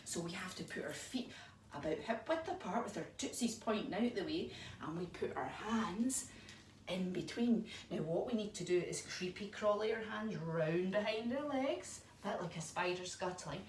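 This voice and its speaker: A woman leading a children's yoga story lesson in an animated, encouraging, sing-song way. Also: mid-range voice, moderate pace. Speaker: kids yoga teacher. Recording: echoey room, mic far off, faint noise.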